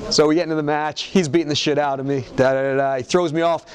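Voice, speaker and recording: A man's voice: fairly high pitch, fast talker. A man, a former pro wrestler, telling a backstage story in an interview, acting out each character's lines in a casual, profane way. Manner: animated storyteller who acts out the characters' lines. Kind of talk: interview anecdote.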